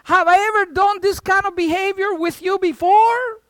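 A wounded talking donkey pleads in a high, raised voice, stretching out each word, as a preacher acts him out. The sound is dry and close. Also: male voice, steady tone, moderate pace, a bit bright, no room sound. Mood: indignant.

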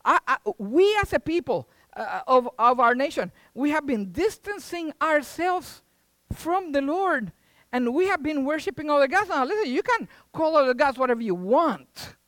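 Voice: high-pitched, big pitch swings, normal speed, a bit bright, dry recording. A preacher delivering a sermon with emphatic rhetorical questions and folksy asides.

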